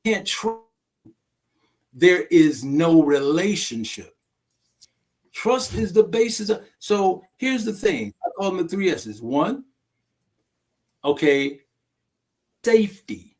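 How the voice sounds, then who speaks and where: A man's voice: high-pitched, sing-song, slow pace, long pauses, darkish tone. A man who runs domestic violence classes, speaking emphatically to a discussion group and often checking that listeners follow him.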